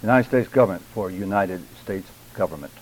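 An older man teaching a church public speaking class, deliberate and emphatic, addressing his students directly. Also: deep voice, expressive, a little mellow, slightly rough, rough recording.

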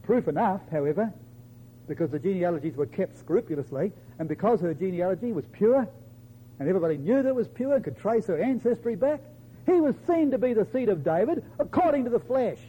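A man preaching a sermon to his congregation, emphatic, quoting scripture in old-fashioned wording and dropping softly at the ends of phrases. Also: animated, a little fast, phone-quality sound, slight background noise. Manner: emphatic, addresses listeners as brethren and sisters; drops to a soft low voice at the ends of phrases.

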